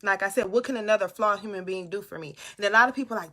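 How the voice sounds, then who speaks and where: A woman on a casual live stream, talking loud and animated straight to her viewers, giving them a pep talk. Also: mid-range voice, racing. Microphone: phone or webcam.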